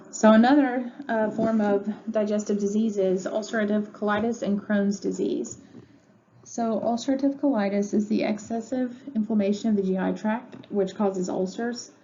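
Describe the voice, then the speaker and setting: A woman with a warm, mid-range voice teaches pharmacy in a recorded lecture from a room at home. She speaks in a chatty way, with lots of ums and uhs. The recording is dull and lo-fi, with faint noise.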